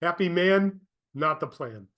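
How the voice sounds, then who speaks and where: A man's voice: a little high, animated, measured pace, pushed and bright. Upbeat man hosting a podcast. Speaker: podcast host. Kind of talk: casual interview.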